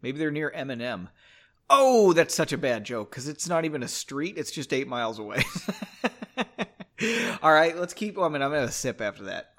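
A man's voice: fairly high pitch, sing-song, normal speed, fairly bright tone. A man hosting a podcast, reading a story aloud and breaking off for chatty, self-mocking jokes. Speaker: podcast host.

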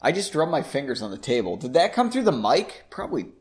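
A man's voice: mid-range voice, big pitch swings, fairly quick. A man hosting a podcast, reading a novel aloud with chatty, self-deprecating asides. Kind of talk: casual story reading with asides.

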